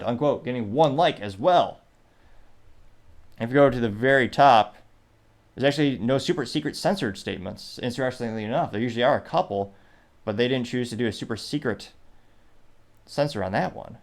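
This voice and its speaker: A man hosting a commentary show who reads online posts aloud and adds his own remarks. His manner is dry and offhand, and his pitch sits in a plain middle range. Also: brisk. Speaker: host. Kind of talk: casual commentary reading out posts.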